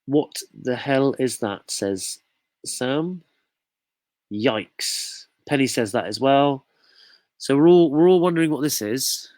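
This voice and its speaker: A chatty man from the UK hosts a casual festive quiz. He jokes along and reads out viewer comments. His voice sits at a middling pitch and sounds close and dry. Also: slow, a little mellow, no room sound. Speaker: quiz host. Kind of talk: casual live quiz chat.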